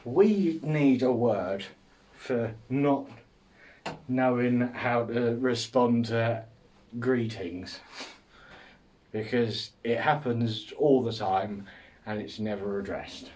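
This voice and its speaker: A man's voice: medium pitch, slow pace, long pauses, a little mellow, distant mic. Rambling, self-amused man. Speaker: podcast host. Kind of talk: casual comedic monologue.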